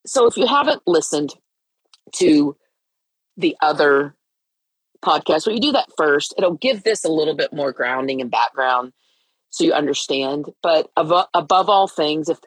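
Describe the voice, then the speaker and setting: A woman's voice: low-pitched, slightly rough, dry recording, poor audio. A middle-aged woman talking earnestly on her own podcast, sounding as if she has been crying, with frequent restarts. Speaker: podcast host. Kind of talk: personal faith podcast talk.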